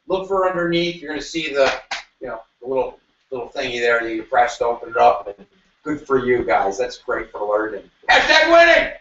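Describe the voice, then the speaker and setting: A male teacher with a high voice runs an energetic review lesson, cracking jokes and breaking into shouts. He is recorded from a distance in an echoey room with a dull, muffled sound. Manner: animated, jokey, with sudden shouts and asides. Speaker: history teacher. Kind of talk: energetic classroom review lecture.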